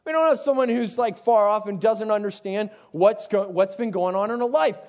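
A man's voice: high-pitched, moderate pace, a little mellow, lo-fi sound. A man, a youth pastor, teaching from the Bible in a casual, conversational way with frequent asides to his listeners.

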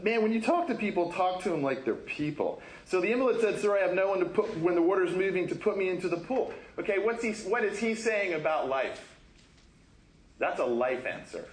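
Male pastor, fairly high voice, chatty sermon delivery with acted-out quotes, echoey church room. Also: sing-song, moderate pace. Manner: conversational, acts out quoted voices, laughs often. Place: church sanctuary.

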